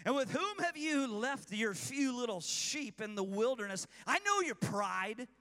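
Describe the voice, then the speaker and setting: A man's voice: very high voice, expressive, unhurried, pushed and bright, big-room sound, voice pushed up, full character voice. A man voicing a condescending older brother who belittles his younger sibling. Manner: sneering, belittling.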